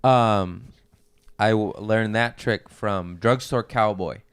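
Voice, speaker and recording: A man's voice: on the low side, takes it slowly, clear, resonant tone, no echo. A man, a comedian guest on a podcast, telling rambling, profane stories in casual chat.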